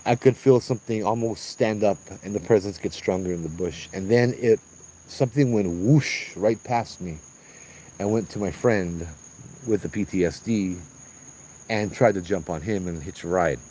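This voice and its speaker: A middle-aged man with a Hawaiian accent, telling ghost stories on location outdoors in a casual, animated way, acting out sounds and voices and saying "bro". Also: fairly low pitch, moderate pace, poor audio. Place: outdoors at a trail at night. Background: crickets and insects.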